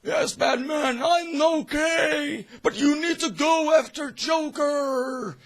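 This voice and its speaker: Casting man voicing a desperate old police chief, high strained shouting, pleading. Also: takes it slowly, heavily acted. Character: desperate older police commissioner, male.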